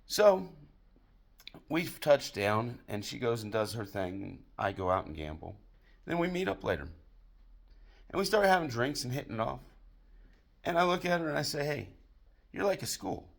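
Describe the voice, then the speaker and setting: A man doing crude stand-up comedy, telling a long joke story with acted-out dialogue in a deadpan way. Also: medium pitch, gravelly. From United States.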